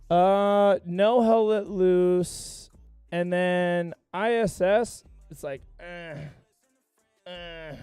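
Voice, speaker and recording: A man's voice: sits high, a little mellow, clean tone, no room sound. A young man streaming live, chatting casually with viewers and telling a rambling story full of profanity. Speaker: gaming livestreamer.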